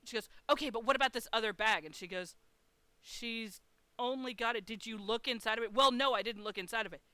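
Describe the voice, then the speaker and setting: Woman streamer, fairly high bright voice, animated casual storyteller. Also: quick pace, no room sound. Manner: animated, swears, laughs while telling.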